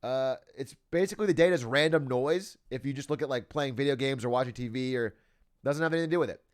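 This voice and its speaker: A man's voice: medium pitch, fast talker, smooth. A young adult man streaming, chatting casually with his viewers and reading out their messages, laughing often and swearing freely. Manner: animated, laughing, swears often, reads out chat.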